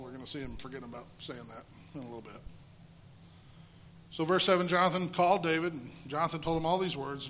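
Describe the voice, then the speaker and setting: Male preacher with a high, bright voice and a lively, storytelling delivery. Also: slight background noise, low-quality recording. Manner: lively storytelling, with rhetorical questions. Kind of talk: sermon.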